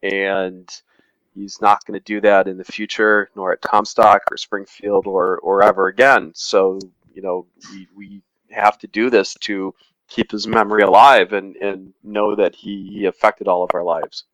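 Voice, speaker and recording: A man's voice: lowish voice, little pitch movement, measured pace, fairly bright tone, no room sound, lo-fi sound. A man co-hosting a podcast, speaking reflectively in casual chat with stammered restarts. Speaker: podcast co-host.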